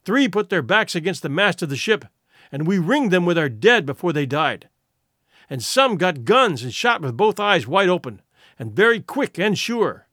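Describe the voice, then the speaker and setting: Fierce wounded warrior, boastful then grim, voiced by a man reading a storybook; high, very lively delivery. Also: moderate pace, no room sound, studio quality, full character voice. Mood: grim storytelling. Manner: fierce, boastful proclamations, flat when grim.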